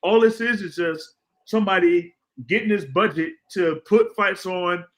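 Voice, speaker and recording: A man's voice: high voice, measured pace, rough recording. A man co-hosting a casual talk show, explaining at length with lots of fillers. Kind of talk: casual chat.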